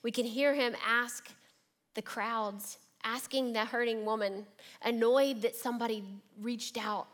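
A woman preacher giving a reflective, measured sermon and reading scripture aloud. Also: on the high side, fairly even intonation, a bit bright.

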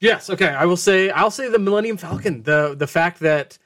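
Fast-talking hyped guy on a podcast, says like a lot. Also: high-pitched. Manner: excitable, lots of filler "like". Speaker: podcast guest. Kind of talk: casual chat.

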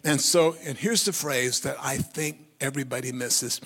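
A male pastor preaching a sermon, telling the story in a lively way and calling on the congregation to repeat phrases. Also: mid-range voice, moderate pace, hardly any pauses, slightly rough, big-room sound.

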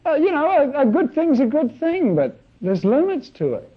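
A man voicing a smooth-talking churchman who brushes off zeal, in a breezy, dismissive manner, on a dull lo-fi recording. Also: extremely high pitch, wildly swooping pitch, moderate pace, voice pushed up, full character voice.

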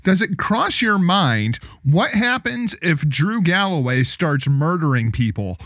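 A man's voice: fairly high pitch, sing-song, a little slow, a bit bright, dry recording, studio quality. A man hosting a casual podcast, asking a guest eager, jokey questions.

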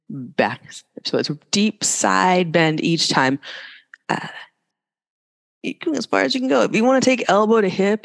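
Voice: medium pitch, long reverb tail. A yoga teacher cues poses and breathing during a live class, with casual, joking asides between the cues.

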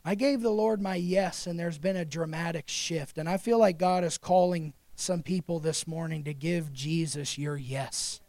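A man preaching a sermon as pastor, moving between loud urgent exhortation and quiet, hushed confession. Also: sits high, steady tone, moderate pace, few pauses, no room sound. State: recovering from pneumonia.

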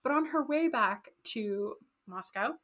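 A woman casually telling a history story on a podcast, animated and jokey, acting out quotes. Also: a little high, measured pace. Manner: animated, jokey, acts out quotes in goofy voices. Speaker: podcast co-host.

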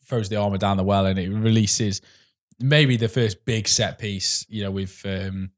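A man's voice: on the low side, steady tone, a little slow. A young man co-hosting a podcast in casual chat, enthusiastic and rambling, often saying "mate". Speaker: podcast co-host.

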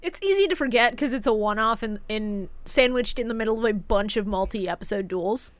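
A woman with a high voice co-hosting a comedy podcast. She teases the others and laughs easily. The recording is dry and close. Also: lively intonation, fairly quick, dry recording. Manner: laughing, teasing. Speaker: podcast co-host and editor. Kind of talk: casual comedic chat.

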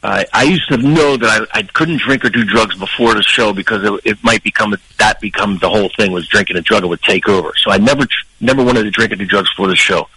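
A man's voice: fairly low pitch, fast talker, few pauses, slightly rough, no room sound, rough recording. An older man, a comedian guest on a podcast, telling a long anecdote and acting out the people in it. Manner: animated, acts out people in his anecdotes. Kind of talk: storytelling on a podcast.

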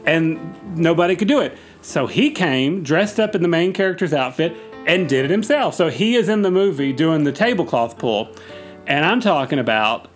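A man in his forties co-hosting a podcast with enthusiastic, rambling, laughing casual chat. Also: fairly high pitch. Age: 40s. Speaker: podcast co-host.

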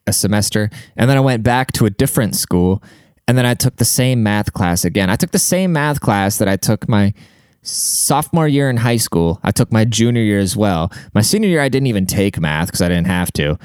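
Guy doing a rambly cussy comedy monologue, lowish smooth voice, kinda self-roasting. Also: lively intonation, moderate pace, darkish tone, dry recording, studio quality. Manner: profane, self-deprecating, rambling with many fillers. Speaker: comedian and podcaster.

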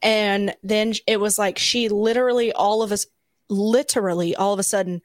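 A woman co-hosting a podcast, giggly and animated as she reacts to a film. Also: medium pitch, normal speed, no room sound. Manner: giggly, reads her notes aloud with animated reactions. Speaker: podcast co-host. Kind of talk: casual chat about a film.

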